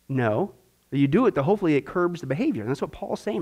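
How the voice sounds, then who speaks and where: A man's voice: on the high side, big pitch swings, fast talker, a little mellow. A man teaching a discipleship Bible class, asking rhetorical questions and acting out little voices as he goes.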